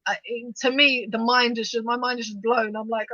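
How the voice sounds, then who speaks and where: Bright-voiced animated woman host. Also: on the high side, no room sound. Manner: animated, talks fast in bursts with many restarts. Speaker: podcast co-host. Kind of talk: casual discussion of news. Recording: dull, dry lo-fi sound.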